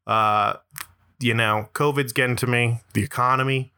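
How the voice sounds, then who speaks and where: Bright-voiced man telling a comic story. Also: mid-range voice, fairly even intonation, normal speed, clean tone. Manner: self-deprecating and profane, building to exaggerated riffs. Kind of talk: comedic personal storytelling.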